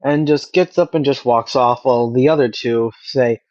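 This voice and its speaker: A man running a tabletop game as game master, narrating in a relaxed, matter-of-fact way. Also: mid-range voice, moderate pace, hardly any pauses, no echo, dull audio.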